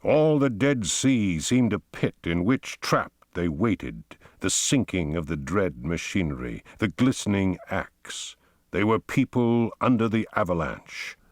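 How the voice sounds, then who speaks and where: A man giving a slow, dramatic reading of an audiobook as its narrator. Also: low voice, expressive, dry recording, clean studio sound. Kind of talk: scripted narration.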